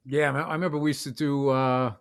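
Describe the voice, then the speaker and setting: A man hosting a podcast, telling stories in profane, animated casual chat. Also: mid-range voice, fast, gravelly, smooth. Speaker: podcast host.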